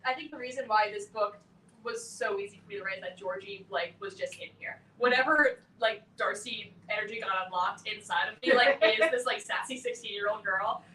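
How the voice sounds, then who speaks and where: A woman's voice: medium pitch, fairly quick, bright, forceful tone. A young woman, a debut author at a book launch, chatting casually with lots of "like" and "um" and frequent laughter. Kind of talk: casual chat at a live event. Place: bookstore event room. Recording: echoey room, mic at a distance, faint hiss.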